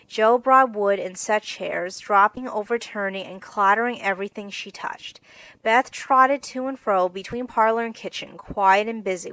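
A woman narrating a classic storybook in a clear, expressive reading. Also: medium pitch, no echo, low-quality recording.

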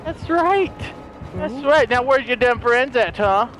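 A man's voice: very high-pitched, lively intonation, measured pace, a crowd in the background. A man playing a horror game as the killer, taunting and trash-talking his friends in casual banter over a headset mic.

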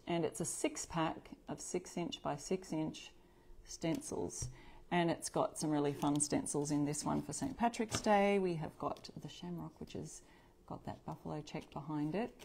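A woman's voice: on the low side, gravelly, darkish tone, slight background noise. A woman hosting a live upcycling stream from home, chatting to viewers, reading out their comments and correcting herself as she works. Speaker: craft livestream host. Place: home craft space.

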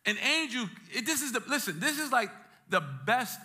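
A male pastor from Brooklyn, preaching a sermon in a church with lively jokes and streetwise asides. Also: extremely high pitch, moderate pace. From Brooklyn, New York. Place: church sanctuary.

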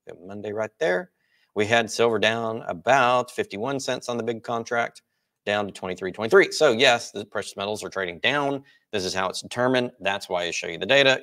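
A man's voice: fairly low pitch, a bit bright. A man hosting a market report, explaining charts in a casual, explanatory way. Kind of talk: financial market commentary.

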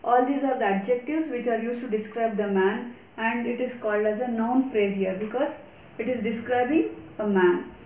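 A woman teaching an English grammar lesson, explaining each answer slowly and deliberately, repeating key words. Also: on the high side, darkish tone, lo-fi sound. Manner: slow, deliberate explanations with repetition. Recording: echoey room.

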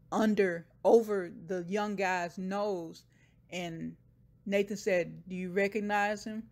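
A woman's voice: mid-range voice, a little mellow. A woman casually retelling a TV episode scene by scene, briefly voicing the characters' lines. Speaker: show recapper.

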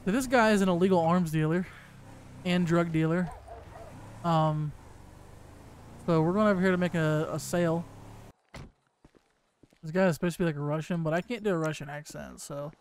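A high-pitched man talks through his game roleplay in a loose, joking way, switching between lines in character and asides to his viewers. Faint background sound sits under his voice. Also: fairly even intonation, moderate pace, long pauses, a little hiss or hum. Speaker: roleplayer playing an arms dealer. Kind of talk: casual gameplay commentary and in-character talk.

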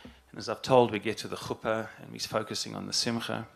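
Gravelly low-voiced middle-aged rabbi. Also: male voice, little pitch movement. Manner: earnest, halting, repeats phrases for emphasis. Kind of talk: reflective spoken address.

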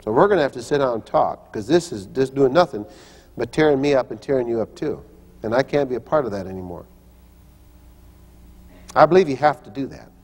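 A man's voice: medium pitch, lively intonation, fairly quick, long pauses, darkish tone, husky. Older man preaching in a reverberant hall. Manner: storytelling, acts out quoted voices, frequent restarts. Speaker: pastor and teacher. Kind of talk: sermon with personal stories.

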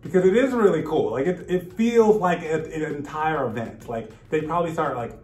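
Man, casual vlog storytelling, animated, laughing, fairly high voice, echoey room. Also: fairly quick. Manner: animated, laughing, acts out quotes. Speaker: vlogger.

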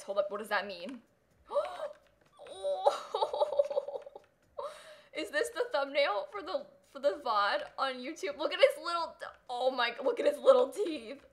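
A young woman livestreaming a game, her voice pitched a bit high and swooping all over as she coos and giggles. She talks casually to her viewers, gushing over everything on screen. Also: sing-song, takes it slowly. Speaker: streamer. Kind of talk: casual livestream gameplay chat.

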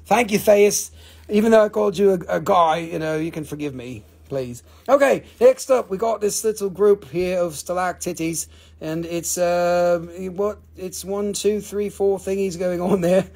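A man's voice: high voice, measured pace, vocal fry, a little mellow. A man hosting a live rock auction, chatting casually with joking, playful salesman patter. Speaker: host selling rocks in a live auction.

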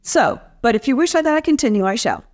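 A woman's voice: a little high, lively intonation, fairly quick, a little mellow. A woman making a playful, mock-formal debate case in a chatty way.

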